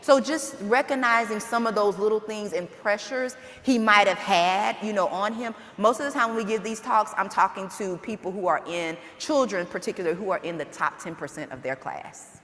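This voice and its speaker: A woman's voice: mid-range voice, moderate pace, few pauses, a bit bright. A woman speaking on a conference panel, candid and earnest, acting out bits of family dialogue. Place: conference hall. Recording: echoey hall, faint noise.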